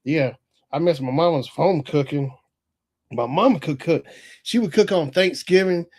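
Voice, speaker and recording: A man from North Carolina hosts a live stream and chats casually. His voice sits a little high, and he rambles and chuckles as he talks. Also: moderate pace, breathy edge. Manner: relaxed, rambling, chuckles often, reads chat aloud. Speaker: livestream host reading chat.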